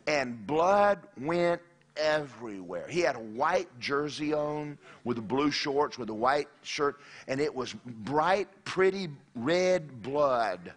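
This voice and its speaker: A man preaching a sermon, telling a personal story in an animated way with frequent restarts and direct questions to the audience. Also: fairly high pitch, slow. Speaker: pastor.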